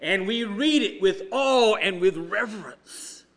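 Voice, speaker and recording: A male pastor preaches with humorous storytelling, staying animated but dropping to a hush at solemn moments. His voice is high and his pace slow.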